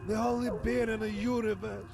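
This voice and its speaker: An actor playing a bitter, weary father who argues with his wife, resentful and breaking into shouts. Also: sits high, flat delivery, fairly quick, a crowd in the background, natural voice. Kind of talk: game voice acting. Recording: under loud game noise.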